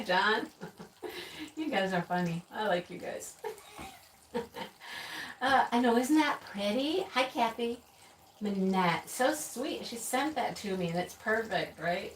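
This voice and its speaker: A woman's voice: a little high, far from the mic. Woman host, chatty livestream greeter, sits back from the mic in an echoey room with faint hiss. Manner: chatty, laughs often, calls out names. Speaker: live stream craft host. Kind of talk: casual live chat greeting viewers.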